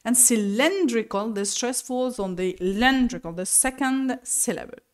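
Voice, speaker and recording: A woman teacher explaining English vocabulary and pronunciation slowly and deliberately, sometimes correcting herself. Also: a little high, smooth. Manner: slow and deliberate, spelling out each word with self-corrections. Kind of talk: recorded lesson explanation.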